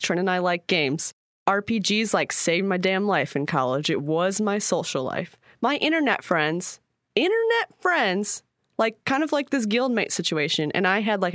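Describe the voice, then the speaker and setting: A young adult woman co-hosting a podcast, chatting casually with playful asides and quick, chatty replies. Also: on the low side, dry recording, clean studio sound. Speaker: podcast co-host. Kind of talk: casual chat.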